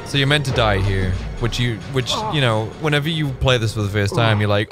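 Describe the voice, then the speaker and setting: A man in his thirties from Northern Ireland, commentating a horror game stream, excitable, yelling, swearing and putting on joke voices. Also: medium pitch, fairly quick, music in the background. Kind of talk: let's-play stream commentary.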